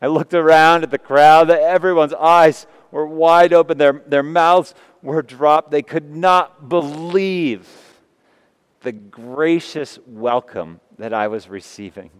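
Slow, resonant man preaching in a hall. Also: a little high, smooth. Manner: earnest, emotional storytelling with long pauses. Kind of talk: first-person dramatic retelling in a sermon. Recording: long reverb of a large hall.

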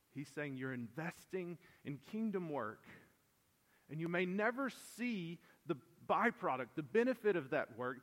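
Earnest preaching man in reverberant hall. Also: a little high. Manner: earnest expository preaching, swings between emphatic and hushed. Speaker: pastor. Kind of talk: sermon. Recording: long reverb of a large church hall.

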